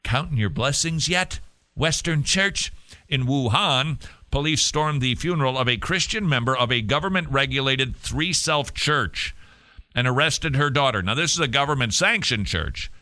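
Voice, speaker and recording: A man's voice: mid-range voice, lively intonation, normal speed, pushed and bright. A man hosting a talk show, giving emphatic, sarcastic commentary. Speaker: host.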